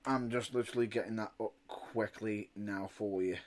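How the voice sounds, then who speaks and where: A man's voice: fairly low pitch, steady tone, moderate pace, darkish tone. A British man chatting casually as a podcast co-host, laid-back, with dry remarks. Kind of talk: casual chat.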